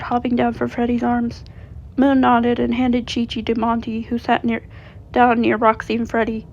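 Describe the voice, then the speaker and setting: A woman reads a story aloud in a plain way, correcting small slips as she goes. Her voice is slightly high and gravelly. The recording sounds dull and lo-fi. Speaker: fanfiction reader.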